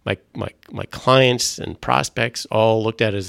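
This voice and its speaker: A man's voice: fairly low pitch, vocal fry, a bit bright, clean tone, no echo, clean studio sound. A middle-aged man, earnestly telling his faith testimony in a conversation, often restarting his sentences. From Canada. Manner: earnest, halting, with frequent restarts. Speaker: guest sharing a faith testimony.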